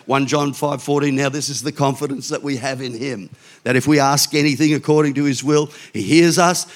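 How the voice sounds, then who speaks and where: Older man preaching casually. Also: mid-range voice. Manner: conversational preaching with quick asides and restarts. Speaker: pastor. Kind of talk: sermon.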